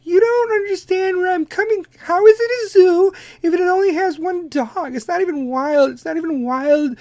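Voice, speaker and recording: A man putting on the voice of a ditzy, whiny celebrity woman who asks slow, confused, defensive questions. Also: very high-pitched, darkish tone, dry recording, voice pushed up.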